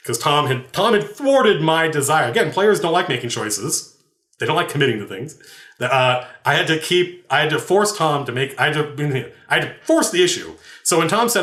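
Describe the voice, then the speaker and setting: This podcast host and game master has a slightly high, sing-song voice at normal speed, pushed and bright. Recorded with roomy echo, he casually recounts a tabletop game anecdote, rambling and laughing with many restarts.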